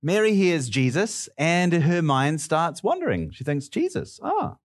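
Male pastor, middle-aged, jokey sermon delivery, lively and somewhat high. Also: measured pace. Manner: playful, bantering with the congregation.

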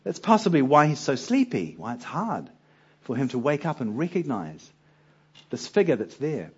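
Lively husky-voiced male preacher. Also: mid-range voice, normal speed, lo-fi sound. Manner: conversational, with frequent rhetorical questions to listeners. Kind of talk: Bible teaching talk.

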